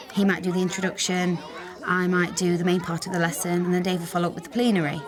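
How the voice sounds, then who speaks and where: A woman with an English accent, a primary school teacher, speaking candidly and reflectively in an interview. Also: on the low side. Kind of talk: interview talk.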